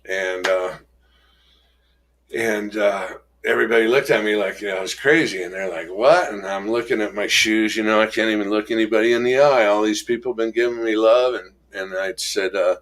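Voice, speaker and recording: A middle-aged man shares a personal recovery story, halting and emotional, full of restarts and trailing pauses. His voice is lowish and a bit bright, and he raises it when acting out the people he quotes.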